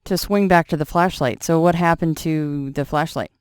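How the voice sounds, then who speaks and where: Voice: mid-range voice, normal speed, clear, resonant tone, dry recording, studio quality. A radio show host asking follow-up questions and prompting a guest's story. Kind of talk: interview questions.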